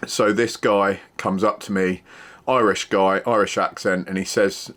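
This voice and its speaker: Middle-aged man, very deep voice, casual rambling storyteller, matter-of-fact. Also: steady tone, a little slow, fairly bright tone. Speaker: former security worker.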